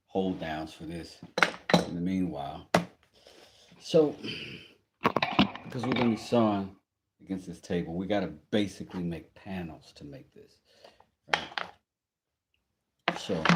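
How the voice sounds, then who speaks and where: A man's voice: low voice, unhurried, pauses often, very noisy. A man chatting casually on a livestream as he does woodworking, joking and greeting viewers. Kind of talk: casual livestream chat while working. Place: workshop.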